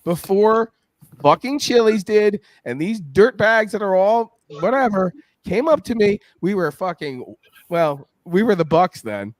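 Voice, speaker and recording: A man in his fifties hosting a casual chat, telling stories loudly and swearing freely. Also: high voice, sing-song, a little slow, no room sound. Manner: profane, boisterous storyteller. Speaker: podcast host.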